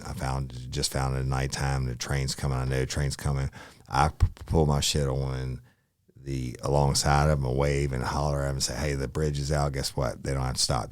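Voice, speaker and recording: A podcast co-host with an extremely low, rumbling voice, recorded dry and close. He speaks bluntly and folksily, interrupting to add what he knows from police work. The delivery is casual and plain-spoken. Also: no room sound. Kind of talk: casual chat.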